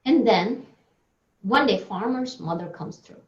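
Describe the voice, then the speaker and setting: A woman giving a talk on a video call, telling a story in an animated way and acting out the lines of its characters. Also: medium pitch, a little slow. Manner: animated storyteller, acts out dialogue. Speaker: guest speaker. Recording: echoey, dull lo-fi audio.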